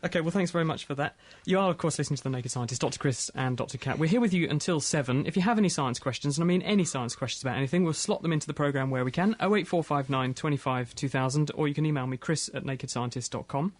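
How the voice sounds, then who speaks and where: Fast-talking male radio host. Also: a little high. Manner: brisk, emphatic. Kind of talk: live radio chat. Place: radio studio.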